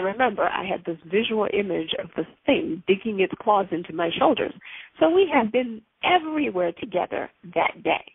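Casting: slow-paced, expressive female podcast host, slightly husky, dramatic storyteller, dry phone-quality audio. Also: fairly high pitch, no echo. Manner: animated, dramatic retelling with acted quotes. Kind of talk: personal storytelling talk.

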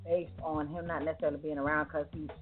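A woman's voice: deep voice, little pitch movement, fast talker, faint music behind. A woman co-hosting a casual live morning show, blunt and opinionated. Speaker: co-host. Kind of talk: casual live radio chat. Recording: tinny phone-like line.

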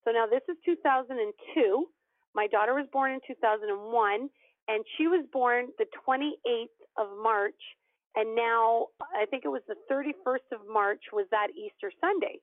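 A fairly high-voiced woman tells a personal story with lively energy, slipping into the voices of the people in it. The sound is thin and phone-like, and it is dry, with no room around it. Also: normal speed, no echo. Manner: animated storyteller, acts out quoted dialogue. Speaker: podcast guest. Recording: tinny phone-line audio, dry.

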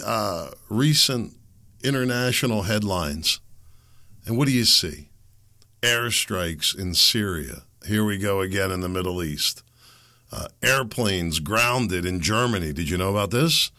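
Brief: male podcast host, low-ish voice with a bright edge, punchy rhetorical commentary. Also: expressive, unhurried. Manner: emphatic, rhetorical questions. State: a little out of it after the steam room. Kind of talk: commentary monologue.

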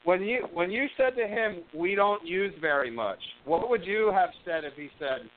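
A man's voice: sits high, expressive, normal speed. A man calling in from his office to a casual chat, pressing with repeated questions. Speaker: staffing manager. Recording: tinny phone line with clear hiss.

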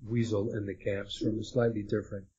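A man's voice: fairly low pitch, little pitch movement, fairly quick, dark tone, husky. A man being interviewed as a guest author, speaking hesitantly with many restarts and fillers. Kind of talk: conversational interview. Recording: dull lo-fi audio.

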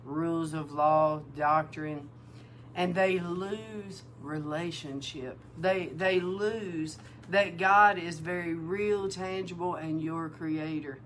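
A woman preaching at an unhurried pace, telling her story with animation and acting out each exchange. She sounds emotional and close to tears as she teaches, and a faint hiss sits under her voice. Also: lowish voice. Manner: animated storytelling, acts out dialogue. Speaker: prophetic minister. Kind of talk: sermon-style testimony and teaching.

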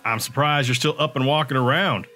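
A man voicing a gruff, cynical male private investigator in an audiobook, sardonic and grumbling. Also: medium pitch, fairly even intonation, fairly quick, sharp tone, soft background music, close to an everyday voice. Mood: skeptical.

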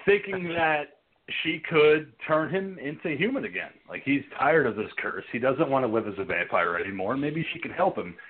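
A man's voice: medium pitch, expressive, normal speed, a little hiss or hum. A man hosting a casual horror film review podcast, laughing often and swearing freely as he retells scenes. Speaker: podcast host. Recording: tinny phone-like line.

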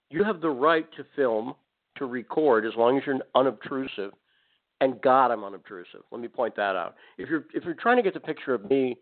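A man hosting a talk radio show, telling a story with sarcastic, rambling asides. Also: medium pitch. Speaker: radio host. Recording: phone-like narrow band audio.

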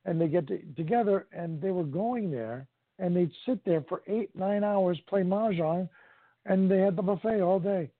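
A man's voice: high voice, normal speed, no room sound. A man co-hosting a talk show, casually retelling a news item in a rambling way. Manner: rambling, fillers and restarts while retelling news. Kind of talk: casual chat. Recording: tinny phone line.

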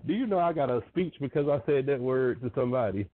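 A man's voice: medium pitch, animated, fast talker. A man who laughs easily, a wrestler guest talking enthusiastically in a casual chat. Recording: tinny phone-like line with faint hiss.

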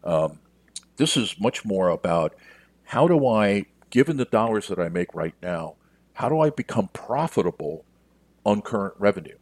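A man's voice: on the low side, very animated, moderate pace, a little mellow, husky, no echo. A middle-aged man from the United States, a business coach talking directly to listeners in a casual podcast monologue. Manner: direct, conversational, addresses listeners as you.

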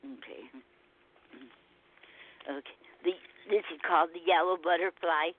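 A woman's voice: fairly low pitch, dry recording. Caller, woman, hesitant speech full of restarts, thin phone-line sound. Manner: halting, with many ums and restarts. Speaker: caller reading poetry. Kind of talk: casual phone chat and poem reading. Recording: tinny dry phone line.

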